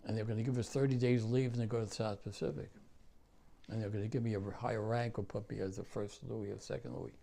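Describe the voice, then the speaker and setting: An older man with a New York accent, a war veteran recounting memories in an interview, halting and repeating himself. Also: fairly low pitch, steady tone, vocal fry, mellow. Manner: halting, repeats phrases, many fillers.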